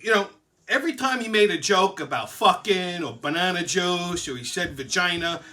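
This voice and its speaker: A man's voice: high voice, animated, normal speed, bright, forceful tone. A man from Brooklyn with a Brooklyn accent, hosting a casual, profane monologue in a blunt, crude way. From Brooklyn, New York. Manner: blunt, crude, heavy swearing. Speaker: show host.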